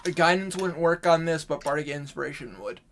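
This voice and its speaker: A man's voice: fairly high pitch, a little fast, fairly bright tone, slight background noise. A man running a tabletop game as dungeon master over voice chat, congested with a cough, stopping and correcting himself mid-sentence.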